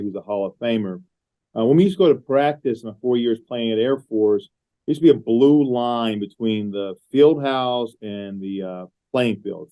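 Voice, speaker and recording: A man's voice: on the low side, highs cut off. A middle-aged man speaking as a podcast guest over a call, earnest and prone to repeating words while he thinks. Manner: earnest, repeats words as he gathers his thoughts. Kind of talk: podcast interview conversation. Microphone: remote call.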